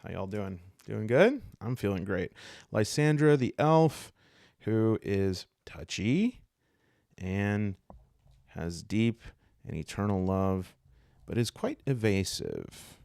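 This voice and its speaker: A man's voice: on the low side, lively intonation, slow, creaky, darkish tone, dry recording, clean studio sound. A man hosting and narrating his solo tabletop game in chatty, self-correcting talk to his viewers. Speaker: solo game player and host.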